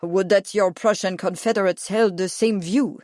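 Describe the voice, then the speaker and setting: Woman doing a wry cigar-smoking french captain, normal pitch, dry mic. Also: fairly even intonation, normal speed, dark tone, no echo, lightly acted.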